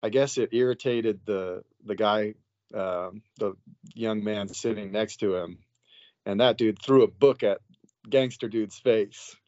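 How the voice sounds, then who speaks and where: Low-voiced man telling a story casually. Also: unhurried, a little mellow, dry recording. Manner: loose and conversational, with frequent "like" and "you know". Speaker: interview guest, psychiatric nurse. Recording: dull, dry, lo-fi sound.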